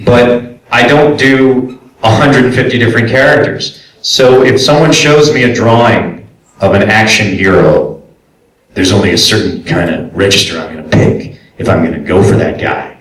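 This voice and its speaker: A man with a lowish, fairly bright voice speaks at a normal pace. He's a voice actor and director fielding audience questions at a convention panel, chatting loosely with plenty of fillers and restarts in casual live Q&A. The recording is distant, in an echoey room.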